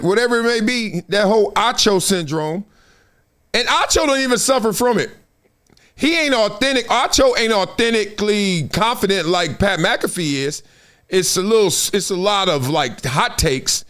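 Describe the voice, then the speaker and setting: A man's voice: high-pitched, moderate pace. A man hosting a live sports talk show, telling stories in casual slang, laughing often and slipping into other people's voices. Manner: animated, storytelling, slips into voices of others.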